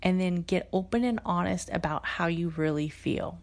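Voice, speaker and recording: A woman talks straight to her listeners in a candid, casual advice chat, pausing on fillers and restarting her thoughts. Her voice sits a little low and carries a gravelly fry. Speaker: host.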